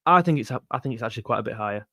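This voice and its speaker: A man's voice: medium pitch, animated, racing, a bit bright, dry recording, clean studio sound. A young man hosting a livestream, reading viewer comments in a chatty, jokey way and calling people mate. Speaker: music channel host reading live chat. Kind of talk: casual livestream chat.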